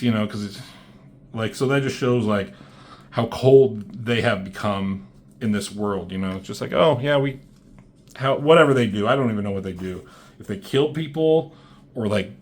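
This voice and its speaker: A man giving a casual, rambling comic book review, swearing often and filling gaps with "um" and "like". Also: fairly low pitch. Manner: rambling, profane, many fillers. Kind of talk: casual commentary.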